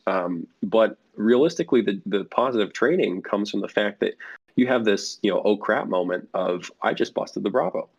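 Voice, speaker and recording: Gravelly low-voiced man, lo-fi audio. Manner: rambling, many fillers and restarts. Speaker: flight sim network representative guest. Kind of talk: casual podcast interview. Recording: dull lo-fi audio.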